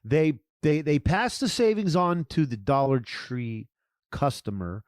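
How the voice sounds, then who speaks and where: A man co-hosting a casual podcast, loose and profane as he riffs along. His voice sits a bit high for a man and comes through dry and close to the mic. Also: sing-song, a little slow, dry recording. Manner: loose, profane, riffing banter. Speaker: podcast co-host. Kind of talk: casual chat.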